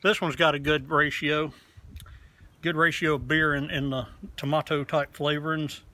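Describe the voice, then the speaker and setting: A man's voice: on the high side, flat delivery, moderate pace, sharp tone. A man hosting his own casual beer review vlog, talking in a rambling, frank way and swearing casually. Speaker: beer reviewer, channel host. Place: outdoors.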